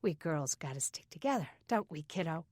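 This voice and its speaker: A woman voicing a calm, caring older teenage girl who talks gently and reassuringly. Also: sits low, moderate pace, no echo, clean studio sound. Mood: gentle.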